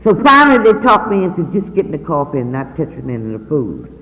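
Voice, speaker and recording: Animated woman telling her testimony. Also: sits low, fast, slight background noise. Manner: earnest, acts out the people she quotes. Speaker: speaker giving a personal testimony. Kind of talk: storytelling testimony to an audience. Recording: long hall reverb.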